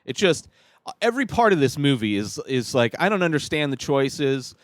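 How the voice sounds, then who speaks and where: A man's voice: medium pitch, sing-song, no room sound, clean studio sound. Man rambling through a critical film review. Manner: rambling, halting, many restarts and fillers; exasperated, critical. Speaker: podcast host reviewing a film. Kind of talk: casual spoken movie review.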